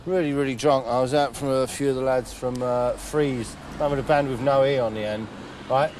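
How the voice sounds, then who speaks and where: A man hosting a comedy show, rambling through a deadpan monologue full of fillers and asides. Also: mid-range voice, normal speed, slight background noise. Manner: rambling, chatty, frequent fillers and "right?". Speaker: comedy host. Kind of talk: deadpan comic monologue in character.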